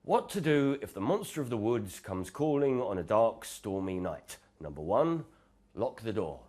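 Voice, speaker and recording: A fussy storybook owl with a lively, swooping voice, earnest and a little bossy about his plans, as a man reading aloud puts him on. He fusses and reassures in equal measure. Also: fairly low pitch, moderate pace. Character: fussy male owl who loves making plans.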